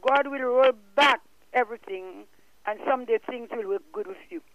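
A woman's voice: fairly high pitch, moderate pace, no echo. A woman calling in by phone to offer fervent scripture-based encouragement. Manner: fervent, exhorting. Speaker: caller. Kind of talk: preaching encouragement. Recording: phone call on radio with music.

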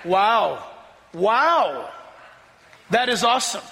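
A man preaching a sermon as a pastor, excitable, often laughing and rising to shouts as he reads scripture. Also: high voice, very slow, vocal fry, in a large hall.

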